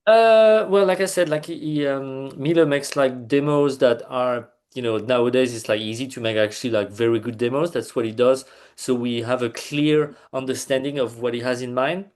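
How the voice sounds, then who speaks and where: A man, a band's bassist, chatting loosely as an interview guest over a video call, with lots of fillers and restarts. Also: steady tone, moderate pace, few pauses, darkish tone. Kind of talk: casual interview chat.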